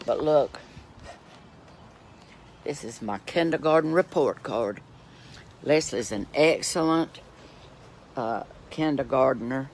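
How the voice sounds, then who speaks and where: Animated older man, flamboyant storyteller. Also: slow, long pauses, a little hiss or hum. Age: 60s. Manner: animated, flamboyant, with sudden high-pitched exclamations; gossipy anecdotal storytelling. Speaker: actor telling stories to camera. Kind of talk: casual social media monologue.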